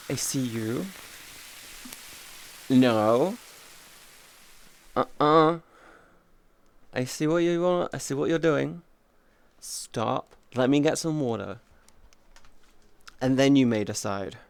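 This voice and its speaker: A man chatting casually on a livestream, teasing viewers playfully and cooing soft praise at them. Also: mid-range voice, animated, slow pace, vocal fry, long pauses, clean tone. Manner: playful, teasing chat banter. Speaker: streamer.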